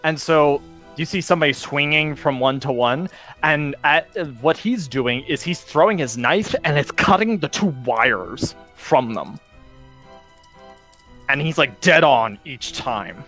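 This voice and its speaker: A man's voice: on the high side, animated, measured pace, bright, forceful tone, soft background music. A man narrating a tabletop game as game master over voice chat, talking casually and meanderingly with many fillers.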